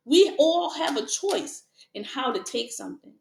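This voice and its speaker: A woman's voice: high-pitched, expressive, moderate pace, vocal fry, roomy sound. A woman giving a casual tarot reading to her viewers, frank and repetitive, asking rhetorical questions and laughing often. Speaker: tarot reader.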